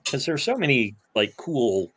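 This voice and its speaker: Halting man with a lively, animated pitch. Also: background noise. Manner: halting, lots of fillers and restarts. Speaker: podcast co-host. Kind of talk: casual chat.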